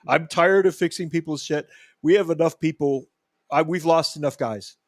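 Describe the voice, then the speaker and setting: A middle-aged American man talking politics in a blunt, profane way, sarcastic when he reads articles aloud. His voice sits a little high for a man. The sound is dry and close. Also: normal speed, no room sound. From United States. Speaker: co-host. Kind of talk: casual political talk show.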